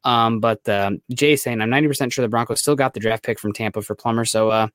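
A man co-hosting a casual sports podcast, giving quick analytical takes peppered with "right?" and "like". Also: medium pitch, steady tone, a bit bright, no echo, clean studio sound. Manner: fast, analytical, lots of "right?" and "like". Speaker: podcast co-host.

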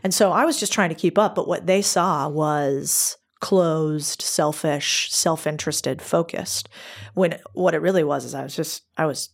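A woman's voice: low voice, measured pace, gravelly. A woman who is a guest on a podcast, telling stories from her career in a candid, chatty way and acting out bits of dialogue. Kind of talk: casual interview storytelling.

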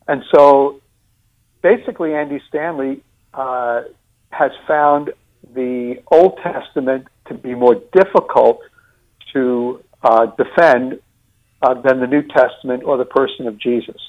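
New york guy talking thru a sermon series, lots of uhs and restarts, kinda muffled lo-fi audio. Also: mid-range voice. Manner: deliberate, many fillers and restarts.

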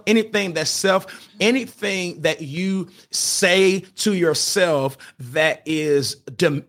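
A man with a high, fairly bright voice hosts a podcast offering relationship advice. He teaches emphatically, like a preacher, driving points home with "get this" and "hear me." He often restarts sentences and stumbles over his words.

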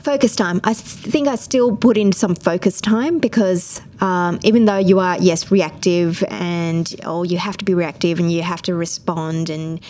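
A woman asking thoughtful, measured questions as the interviewer on a work podcast. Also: on the low side, steady tone, darkish tone, a little hiss or hum. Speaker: interviewer, operations director.

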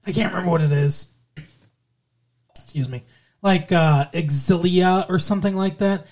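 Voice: mid-range voice, normal speed, darkish tone. A podcast co-host picking apart a horror movie in casual chat, swearing freely and rambling with lots of fillers and restarts.

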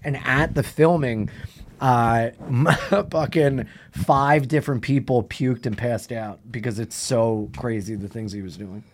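Excitable man telling stories. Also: medium pitch, unhurried. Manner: excitable storyteller, swears freely. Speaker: podcast co-host. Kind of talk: casual comedy chat.

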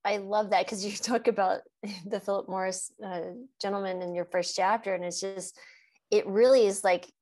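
Animated woman host telling stories. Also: mid-range voice, moderate pace. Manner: animated storyteller, laughs often. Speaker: host and doctor. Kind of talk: conversational interview.

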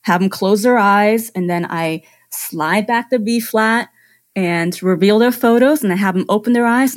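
A woman's voice: mid-range voice, normal speed. A woman photographer, a podcast guest, describing her client process step by step with enthusiasm. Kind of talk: conversational interview.

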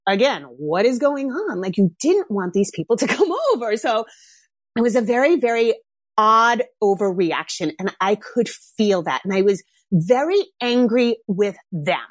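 A middle-aged woman, a mother, telling a candid personal story in a reflective, casual way. She grows animated when she quotes herself. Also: on the high side, no room sound.

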